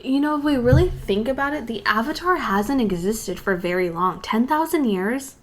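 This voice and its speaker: A woman's voice: fairly high pitch, lively intonation, normal speed. Chatty woman podcast co-host. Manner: chatty, lots of "like" and "you know". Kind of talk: casual chat.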